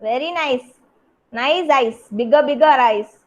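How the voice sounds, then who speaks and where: A woman's voice: high-pitched, measured pace, highs cut off. A young woman with an Indian English accent, teaching a kindergarten craft class over a video call and praising each child by name. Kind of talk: online class instruction.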